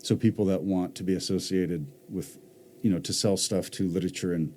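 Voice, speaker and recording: A man's voice: low-pitched, steady tone, brisk, dark tone, slight background noise. A man from Mississippi, a voice actor talking casually in a podcast interview. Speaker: voice actor guest.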